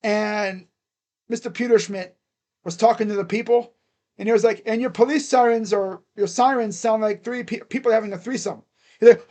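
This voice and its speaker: A man's voice: high-pitched, fairly even intonation, normal speed. A young man doing casual live play-by-play of a baseball game, chatty and given to chanting and laughing. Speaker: live reaction play-by-play host.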